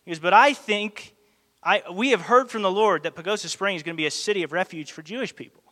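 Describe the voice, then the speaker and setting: A man's voice: high-pitched, quick pace. A man preaching a sermon, telling a story animatedly and acting out the dialogue. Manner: animated, acts out quoted dialogue. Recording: long hall reverb.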